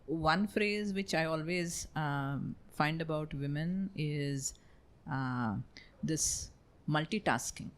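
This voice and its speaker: A woman talks through her experiences on a panel in a relaxed, conversational way. Her voice is on the low side, and she keeps checking in with a quick 'right?'. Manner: conversational, tag questions with 'right?'. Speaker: corporate panelist. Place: panel discussion event.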